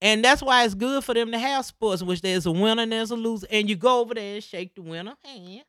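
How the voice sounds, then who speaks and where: A woman's voice: fairly high pitch, a little fast, no room sound, clean studio sound. A woman, talking in an emphatic, preachy way during a casual chat. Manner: emphatic, preachy, animated storytelling.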